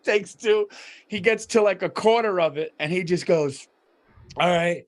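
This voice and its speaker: Guy on a podcast, pretty high voice, rambles thru stories, cracks himself up, swears a bunch. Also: normal speed. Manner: rambling storyteller, laughs through stories, swears a lot. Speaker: podcast co-host. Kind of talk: casual chat.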